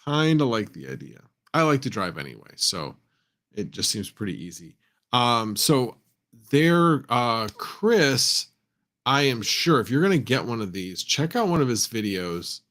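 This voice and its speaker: A man hosting a casual livestream, thinking out loud and reading viewer comments as he goes. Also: medium pitch, sing-song, a little slow. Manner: rambling, reads chat aloud, thinks out loud. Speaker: livestream host.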